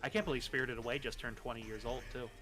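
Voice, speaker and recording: A man's voice: medium pitch, steady tone, fast, over music. A young man co-hosting a casual gaming stream chat, talking eagerly and swearing freely. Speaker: co-host.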